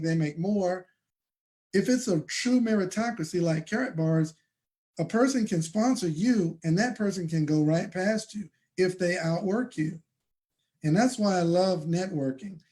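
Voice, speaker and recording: A man's voice: high voice, dark tone. A man giving an emphatic, preachy motivational talk on a live stream from his home office desk, repeating phrases for effect. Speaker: network marketing promoter.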